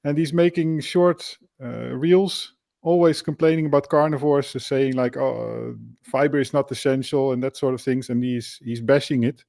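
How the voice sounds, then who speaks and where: A man on a podcast, talking in a halting way and searching for words. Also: medium pitch, steady tone, gravelly, darkish tone. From Netherlands.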